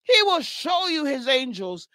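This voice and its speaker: A woman's voice: sits high, big pitch swings, measured pace, sharp tone, dry recording. A woman leading an impassioned spoken prayer, crying out repeated praises and breaking into tongues. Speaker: prayer leader. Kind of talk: fervent spoken prayer and exhortation.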